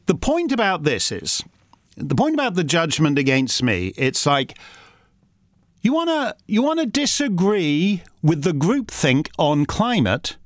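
Host, male, indignant and rambling, swings widely in pitch, dry close sound. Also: fairly bright tone, clear, resonant tone, dry recording. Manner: rambling and combative, with frequent restarts; reads out listener questions. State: uses a wheelchair. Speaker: host answering member questions. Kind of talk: casual monologue.

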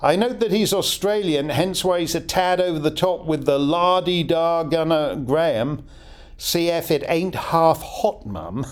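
A man's voice: on the high side, measured pace. A middle-aged man hosting a casual listener Q&A, wry and digressive with chuckling asides. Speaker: podcast host answering listener questions. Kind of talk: casual Q&A chat.

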